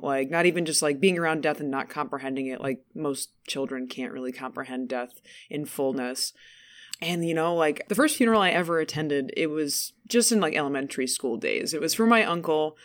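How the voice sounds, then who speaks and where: Chatty higher-voiced man. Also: lively intonation, a bit bright. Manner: chatty, quick asides, laughs easily. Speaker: podcast co-host in funeral service. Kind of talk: casual conversation.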